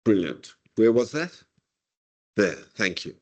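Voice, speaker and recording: A man's voice: mid-range voice, animated. A middle-aged man giving a university literature lecture in a classroom, discursive and full of "okay?" tags. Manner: dramatic slow recitation of verse.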